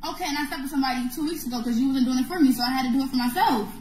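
Girlfriend in a prank vid, high voice, quick comebacks, echoey room. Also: darkish tone, slight background noise. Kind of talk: casual couple prank video.

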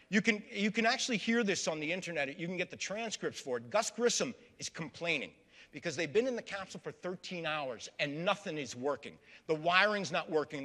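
A man's voice: on the high side, bright, forceful tone. A man giving a public history lecture to a live audience, storytelling and calling them folks. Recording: long reverb of a large hall.

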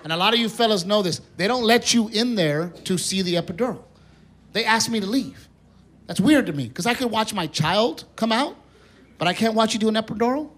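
A man performing a stand-up comedy set on stage, telling a story in an animated way and acting out the voices of the people in it. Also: high-pitched, brisk. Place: comedy theater stage with live audience. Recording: live stage recording with crowd noise. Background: audience laughter and applause.

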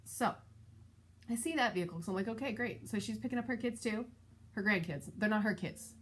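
A woman vlogger and mother telling a personal story in a casual, animated, exasperated way. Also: a little fast, breathy edge. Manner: animated, exasperated retelling with shifting pitch. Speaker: parent of school-age kids.

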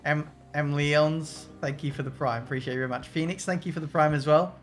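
A man's voice: a little high, fairly even intonation, a little fast, faint music behind. A man streaming a racing management game, joking, swearing and talking to his chat. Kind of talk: casual gameplay commentary.

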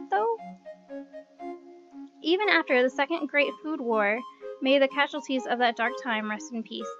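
A woman reads a visual novel aloud in an expressive, high voice, dropping in playful asides. The recording is dull and lo-fi. Music plays clearly in the background. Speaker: narrator.

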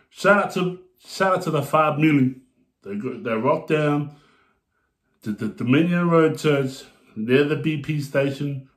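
A man chatting casually and telling a rambling, profane story while reacting to a music video. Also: fairly high pitch. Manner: profane, laid-back, rambling. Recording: echoey room.

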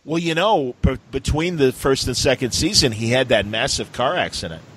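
A man co-hosting a comics podcast, chatting casually and telling stories with quick voice impressions. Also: mid-range voice, breathy edge, low-quality recording. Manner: animated storyteller who slips into quick impressions. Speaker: podcast co-host. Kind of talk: casual chat.

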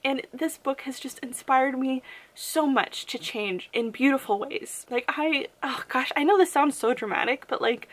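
A woman's voice: high voice, normal speed. A young woman vlogging about a book she loves, emotional and gushing, laughing while near tears. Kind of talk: casual chat.

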